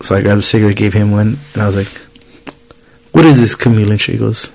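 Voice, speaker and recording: A man's voice: on the low side, steady tone, fast talker, gravelly, a little mellow, low-quality recording. A man in his thirties hosting a podcast, telling a story in casual chat, swearing freely and acting out the people he quotes. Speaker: podcast host.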